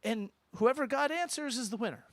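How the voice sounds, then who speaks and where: A man teaching a congregation in a synagogue, lively and informal, with joking asides and questions to the room. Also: very high voice, a little fast, no echo. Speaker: rabbi teaching at a Shabbat service. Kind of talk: interactive sermon with congregation. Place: synagogue sanctuary.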